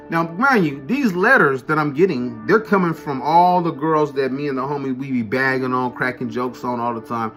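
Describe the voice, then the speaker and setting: A man's voice: mid-range voice, moderate pace, few pauses, a bit bright, faint music behind. A man casually telling a story from his school days in a laid-back, profane way, full of street slang and "you know what I'm saying". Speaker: vlogger telling a personal story.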